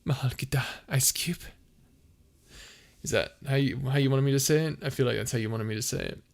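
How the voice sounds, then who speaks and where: Brief: young male streamer, playful casual chat, frequent laughs, mid-pitched voice. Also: rapid-fire, vocal fry, a little mellow. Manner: chatty and playful, laughs often. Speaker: streamer and audio creator. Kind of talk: casual live-stream chat, reading viewer comments.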